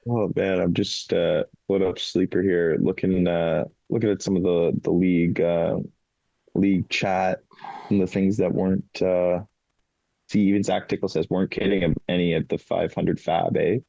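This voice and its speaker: A man hosting a casual fantasy football podcast, talking in a halting way with many fillers and restarts. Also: deep voice, little pitch movement, vocal fry, dark tone, no room sound. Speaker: podcast host, fantasy league commissioner. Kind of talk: casual chat. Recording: dull, dry lo-fi mic.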